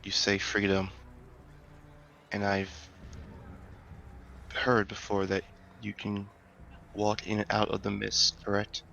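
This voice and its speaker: A man playing in a tabletop game, speaking bluntly and deadpan. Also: on the low side, slow, gravelly, long pauses. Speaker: player. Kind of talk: tabletop role-play. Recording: muffled with faint hiss.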